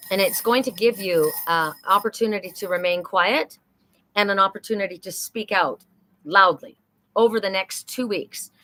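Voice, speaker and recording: A middle-aged woman, a psychic host and oracle card reader, leads a live reading in a chatty, upbeat style, cheering on her viewers. Her voice is mid-range with a sharp tone.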